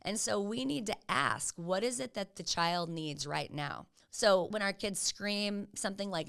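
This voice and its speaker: A woman's voice: medium pitch, lively intonation, moderate pace, creaky, a bit bright, clear, resonant tone. An older woman giving casual, earnest parenting advice, encouraging and acting out what parents could say. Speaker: parenting educator. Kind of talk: casual teaching talk.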